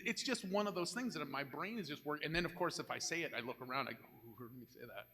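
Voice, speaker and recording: A man's voice: a little high, gravelly, pushed and bright, in a large hall. An older man on a live convention panel, telling candid, joking anecdotes.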